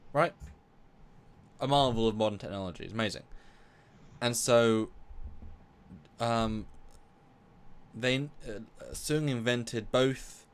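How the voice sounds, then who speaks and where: A man co-hosting a live review stream, talking enthusiastically and rambling with many restarts. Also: medium pitch. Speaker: co-host of a live review show. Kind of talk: casual live-stream discussion.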